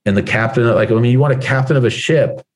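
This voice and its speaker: A man giving a casual, rambling motivational talk as a guest on a video call, with lots of "like" fillers and restarts. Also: fast talker. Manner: acts out panicked voices in a high squeal. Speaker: guest speaker, real estate agent coach.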